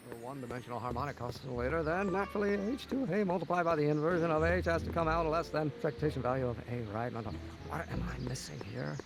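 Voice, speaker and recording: An actor playing a high-strung young male scientist in a video game, muttering equations to himself. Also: fast talker, vocal fry, noisy background. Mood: puzzled. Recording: game audio over loud music.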